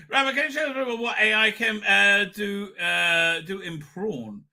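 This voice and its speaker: A middle-aged man hosts a casual livestream, his voice high, pushed and bright. He rambles through viewer comments with lots of fillers and restarts, keeping an irreverent edge as he reads the live chat.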